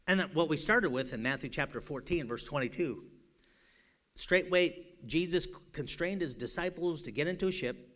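A man preaching a sermon, reading scripture aloud and acting out the doubting cries of biblical figures with animated, pleading bursts. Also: on the high side.

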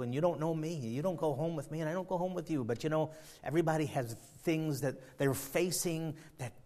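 A man preaching a sermon, swinging from quiet, slow reflection to loud, climbing exhortation, often repeating words as he builds. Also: on the high side. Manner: repeats and restarts phrases while building intensity.

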